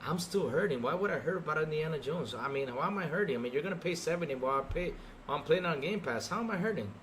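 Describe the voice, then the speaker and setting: Animated man hosting a gaming stream. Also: on the high side, fast, a little hiss or hum. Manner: animated, talks straight to chat, repeats himself. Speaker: podcast host. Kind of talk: live-streamed podcast chat.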